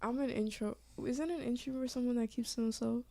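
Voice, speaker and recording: A woman's voice: a little high, fairly even intonation, brisk, gravelly, warm tone, no echo. Playful young woman. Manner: playful, jokey. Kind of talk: casual chat.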